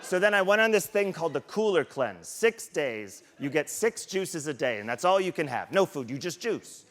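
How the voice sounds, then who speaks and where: A man delivering a stand-up monologue as a comedian host, animated and incredulous as he acts out the story. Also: a little high, normal speed, a little hiss or hum.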